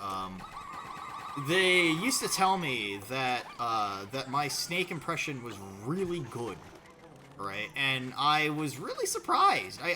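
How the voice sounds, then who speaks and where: Rambling male streamer, lively pitch. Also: noisy background. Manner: rambling, self-interrupting, swears casually. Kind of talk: casual gameplay commentary.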